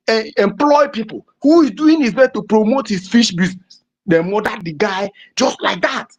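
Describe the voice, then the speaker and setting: A man from southeastern Nigeria with a Nigerian English accent, giving an impassioned political address with emphatic, repetitive rhetoric. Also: high-pitched. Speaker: political activist. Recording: dull lo-fi recording.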